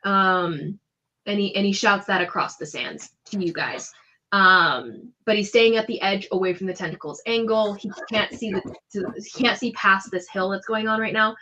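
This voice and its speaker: A woman's voice: mid-range voice, moderate pace, pushed and bright. A woman acting as game master, narrating a tabletop game in a descriptive, chatty way with many fillers.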